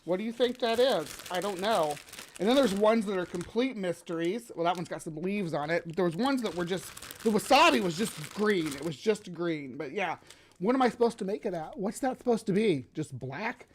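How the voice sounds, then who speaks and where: A woman hosting a live stream in a bubbly, rambling, chatty way, her voice slightly hoarse from sinus drainage. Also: fairly low pitch, lively intonation, moderate pace, a little hiss or hum. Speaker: livestream host. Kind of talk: casual live-stream chat. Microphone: webcam setup.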